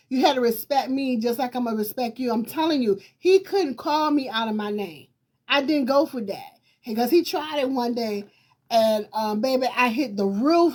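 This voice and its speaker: High-voiced woman telling a story. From Virginia. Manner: lively, emphatic, laughs while telling. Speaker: talk show host. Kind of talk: storytelling to viewers.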